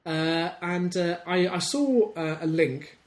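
A man's voice: sits high, takes it slowly. An English man co-hosting a podcast, talking casually, hesitant and giggly with many restarts. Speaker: podcast co-host. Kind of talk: casual chat. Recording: echoey room.

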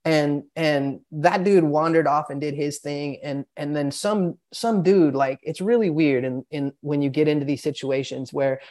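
A man's voice: on the high side, steady tone, normal speed, hardly any pauses, a little mellow. A young man telling a long personal story in a casual podcast chat, rambling and profane, with lots of filler words. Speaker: podcast guest.

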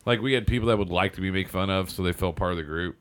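A man's voice: low voice, very fast, a bit bright, smooth. A man in casual chat, talking bluntly with many fillers. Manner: blunt, rambling with frequent likes.

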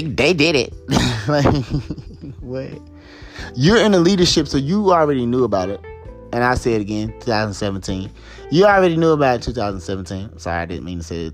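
A very deep-voiced man delivers a solo talk-show rant, heated and full of profanity. He keeps coming back to the same points with blunt emphasis, while faint music plays under him. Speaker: podcast host.

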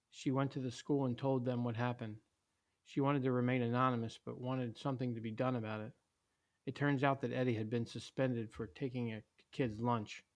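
A man reading a story aloud in a steady, plain way, with small slips. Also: medium pitch. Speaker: narrator.

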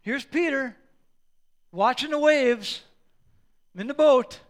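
A male pastor preaching a sermon, animated and acting out Bible scenes with props and quoted voices. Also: very high voice, slow pace, pauses often.

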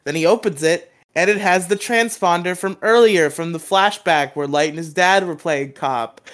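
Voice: mid-range voice, normal speed, fairly bright tone. A podcast co-host giving a casual, rambling recap of an episode, laughing often and acting out quoted lines.

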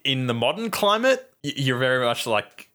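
A man chatting casually about a film, animated, swearing freely and acting out lines from scenes. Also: mid-range voice, normal speed.

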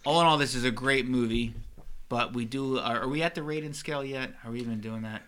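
Bright-voiced man hosting a casual podcast. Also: medium pitch, a little fast, clear, resonant tone. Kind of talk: casual chat.

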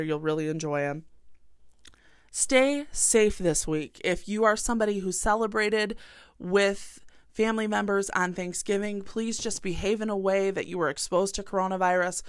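A young adult woman hosting her own podcast, talking bluntly and passionately and swearing freely, then winding down into a warm sign-off. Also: mid-range voice, no echo, studio quality. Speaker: podcast host. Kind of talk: solo podcast rant and sign-off.

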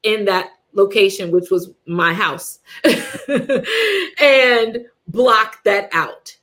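Lively, laughing woman telling a story. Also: medium pitch, drawn-out words. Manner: animated storyteller, laughs often, acts out quotes. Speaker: director and writer, guest. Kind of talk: casual interview chat.

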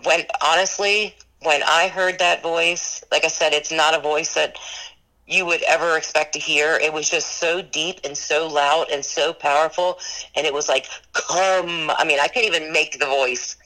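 A woman's voice: sits low, fairly even intonation, normal speed, bright, forceful tone, poor audio. A woman who runs a ghost tour business, earnestly recounting her paranormal experiences in an interview and rambling with lots of "like" and "you know".

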